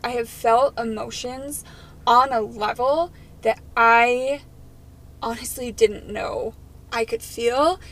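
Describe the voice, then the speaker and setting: A woman's voice: a little high, low-quality recording. A woman co-hosting a podcast, talking earnestly and emotionally in casual chat. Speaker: podcast co-host.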